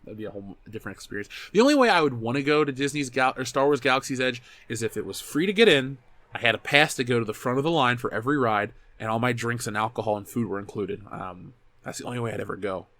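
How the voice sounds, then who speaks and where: Animated man in his thirties, casual. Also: medium pitch, fast talker, dry recording. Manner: animated, swears often, self-correcting. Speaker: show host reading live chat. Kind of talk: casual chat.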